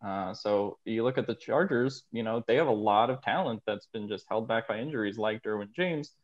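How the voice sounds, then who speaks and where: A man's voice: lowish voice, moderate pace. Hesitant man on a dull line. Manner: hesitant, many fillers. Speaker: podcast guest.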